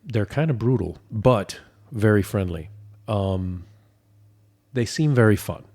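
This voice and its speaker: A man co-hosting a podcast, chatting casually in a relaxed, joking way that often repeats itself. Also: lowish voice, slow pace. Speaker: podcast co-host. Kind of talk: casual chat.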